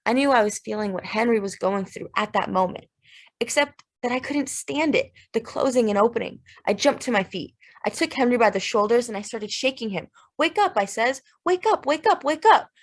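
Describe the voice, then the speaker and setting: Woman reading a novel aloud, steady. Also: fairly high pitch. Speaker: audiobook narrator. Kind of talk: literary audiobook narration.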